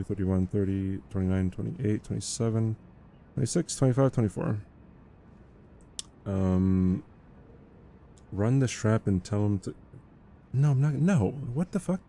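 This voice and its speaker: Young male streamer, low dark voice, rambling casual talk with lots of "right?" and stammered restarts. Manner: rambling, frequently ends points with "right?"; stammers and repeats words. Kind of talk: casual livestream chat while gaming.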